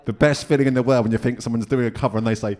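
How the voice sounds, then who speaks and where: A man's voice: mid-range voice, steady tone, very fast, darkish tone. A male podcast host interviewing a musician in a jokey, casual way. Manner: chatty and jokey, with mild swearing.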